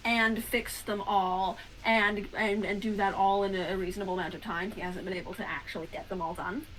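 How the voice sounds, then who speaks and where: A woman narrating as game master in a relaxed, chatty way with lots of fillers. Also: mid-range voice, fairly quick, slight background noise, poor audio. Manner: relaxed, many fillers and trailing asides. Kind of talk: casual tabletop narration.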